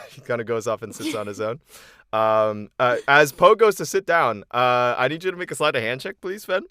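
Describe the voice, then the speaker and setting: A man narrating a tabletop fantasy game as game master, his pitch moving lively through the scene. He tells it in a casual, animated way with easy fillers, recorded dry and close. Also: normal speed, clean tone, no room sound.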